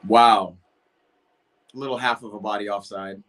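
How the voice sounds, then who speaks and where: Excitable man streaming a football watch-along. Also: lowish voice, moderate pace. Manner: excitable, shouts at big chances, chatty with chat. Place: at home.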